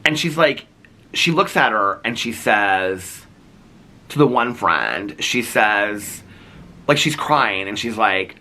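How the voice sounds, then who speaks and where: Man, vlogger, lowish bright voice, rambling, earnest, lots of "like". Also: expressive, normal speed. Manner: rambling, heavy use of "like"; earnest and heartfelt. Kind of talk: casual chat.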